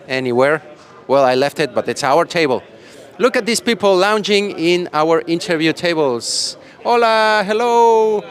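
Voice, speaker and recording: A man's voice: on the high side, fairly bright tone. A man hosting a live stream from a conference, chatting playfully and rambling, a little tired. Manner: playful, rambling, laughs often. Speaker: livestream host. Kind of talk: casual live stream chat. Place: conference hall after the event.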